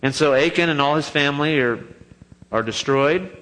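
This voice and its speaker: A man preaches a sermon to his congregation, with a voice a little higher than most men's. He tells the story in a lively, joking way and throws himself into the quoted lines with a raised voice. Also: moderate pace, poor audio. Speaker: pastor.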